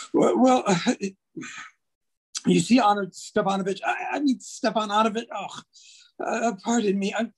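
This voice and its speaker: A man's voice: high voice, a little slow, pauses often, breathy edge, full character voice. An actor in his thirties playing a nervous, stammering suitor who keeps repeating words, in an amateur remote stage play. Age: 30s. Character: nervous anxious 35-year-old suitor. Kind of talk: amateur stage acting over video.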